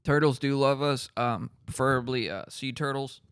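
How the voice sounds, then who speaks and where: A young man co-hosting a podcast, telling funny stories and squeaking into high voices when quoting people. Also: moderate pace, a bit bright, clean tone, no room sound, clean studio sound. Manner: storytelling with high-pitched impressions of others. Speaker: podcast co-host. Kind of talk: casual chat.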